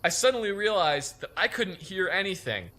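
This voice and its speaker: A man's voice: sits high, very animated, normal speed, bright, forceful tone. A young man telling a funny army story to a group, laughing through his lines. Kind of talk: comic storytelling.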